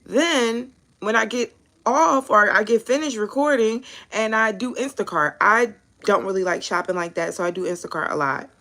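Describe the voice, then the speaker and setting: A young woman hosting a tarot live stream, chatting casually and telling animated stories with casual cursing. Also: on the high side, normal speed. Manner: chatty, animated storyteller who curses casually.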